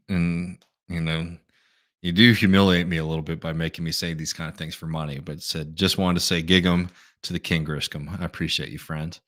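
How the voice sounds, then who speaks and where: A man hosting a live stream, reading out viewer messages and answering them in a relaxed, thinking-aloud way with many fillers. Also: low voice, normal speed. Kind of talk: casual live Q&A commentary.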